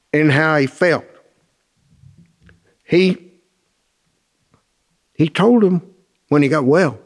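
A man teaching a Christian class, preaching through a personal story in a folksy, storytelling way. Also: a little high. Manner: folksy storytelling, acts out phone calls in raised voices.

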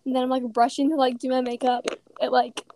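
A woman's voice: high-pitched, flat delivery, fast, warm tone, slight background noise. A young woman co-hosting a podcast in casual chat, talking with many fillers and laughing often. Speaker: podcast co-host.

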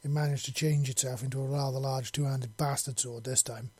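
A man reads a science fiction story aloud at a steady, even pace. His voice is husky and mellow, with very little rise and fall. The recording is close and dry. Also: medium pitch, fairly quick, no room sound. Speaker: audiobook reader. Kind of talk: story narration.

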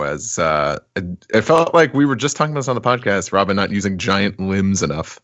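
A man's voice: normal speed, creaky, fairly bright tone, dry recording, highs cut off. A man hosting a podcast, casually recapping a comic chapter with chuckles and hammed-up voices for quotes. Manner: chuckling, hams up quoted lines in high voices. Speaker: podcast host.

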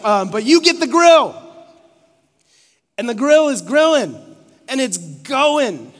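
High-voiced preacher in a reverberant hall. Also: male voice, big pitch swings, fairly bright tone. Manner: playful, acts out phone calls in quick asides. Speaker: pastor. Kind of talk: sermon with comic storytelling.

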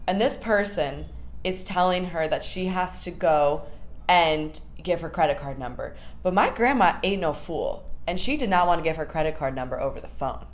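A young woman co-hosting a podcast, telling a story in a casual, animated way. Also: normal speed. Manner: animated storyteller, slips into high put-on voices for quotes. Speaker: podcast co-host.

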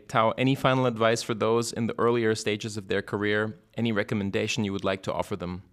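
A man hosting a podcast, asking brisk quiz-style questions and reading the closing outro. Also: lowish voice, level tone, fairly bright tone. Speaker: podcast host.

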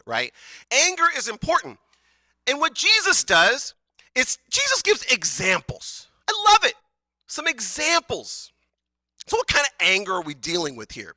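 Lively, bright-voiced woman preaching. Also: mid-range voice, dry recording. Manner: casual, conversational, joking asides. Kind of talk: sermon.

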